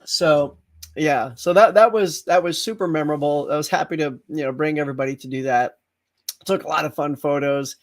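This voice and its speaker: A middle-aged man hosting a casual livestream chat, telling stories with lots of laughter and acted-out yells. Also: a little high, brisk. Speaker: host.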